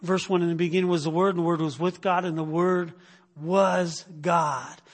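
High voiced preacher guy, kinda husky, keeps saying right? okay?, echoey church. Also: level tone, normal speed. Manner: emphatic, repeats phrases, tags lines with "right?". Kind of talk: sermon. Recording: long reverb of a hall.

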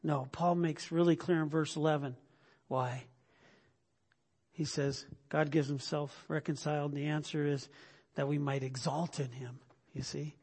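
A man's voice: fairly high pitch, steady tone, a little slow, a little mellow, breathy edge. A middle-aged male pastor preaching a conversational sermon, full of restarts and sudden bursts of emphasis. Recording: long hall reverb.

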